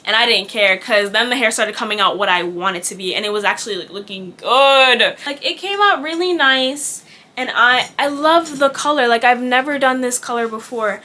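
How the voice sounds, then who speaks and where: A woman's voice: a little high, a little fast, pushed and bright. A young woman vlogger telling a casual storytime, candid and chatty, swearing freely and acting out what people said. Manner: candid and chatty, swears, acts out quoted dialogue.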